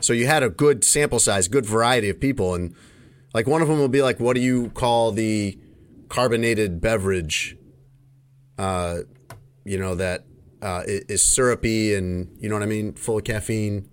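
A man's voice: lowish voice, normal speed, clean tone. Rambling man from Chicago, chatting casually. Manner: rambling, self-correcting storyteller. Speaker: podcast host. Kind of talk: casual chat.

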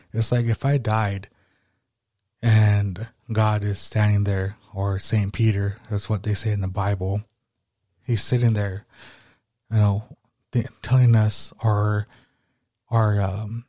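A man's voice: fairly low pitch, level tone, slow, long pauses, mellow, no echo. Guy doing a solo pep-talk podcast, rambly and sweary, dry close sound. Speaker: podcast host.

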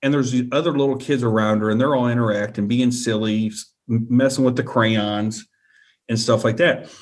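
A man's voice: medium pitch, fairly even intonation, moderate pace. A man telling a personal story as a guest, earnest and repetitive, often checking in with the listener.

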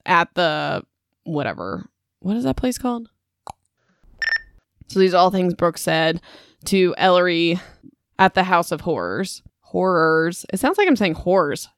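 A young adult woman hosts a casual book podcast into a home microphone, chatty and self-mocking, laughing at her own slips. Her voice is lowish, and the sound is dry and clean like a studio.

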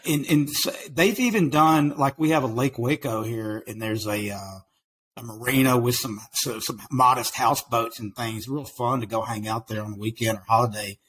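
A man's voice: mid-range voice, moderate pace, a bit bright, slightly rough, poor audio. A man with an East Texas country accent, a podcast guest talking in a laid-back, casual way. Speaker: podcast guest, business owner. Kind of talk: casual interview chat.

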